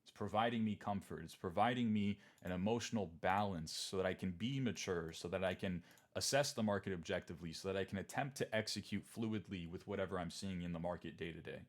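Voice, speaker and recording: A man's voice: low-pitched, fast talker. A young man in his twenties giving a candid, emphatic livestream talk about markets and holding through downturns. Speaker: trading streamer.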